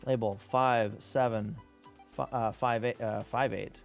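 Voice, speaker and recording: A man's voice: medium pitch, steady tone, a little slow, vocal fry, faint music behind. A man live-streaming while reverse engineering game code, chatting casually and rambling, with frequent swearing, laughter and restarts.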